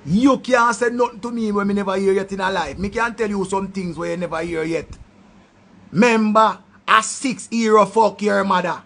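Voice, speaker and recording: A man with a Jamaican accent ranting loudly in a commentary, throwing insults in patois. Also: high voice, fairly even intonation, normal speed, vocal fry. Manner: loud, insulting rant in patois. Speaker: online commentator.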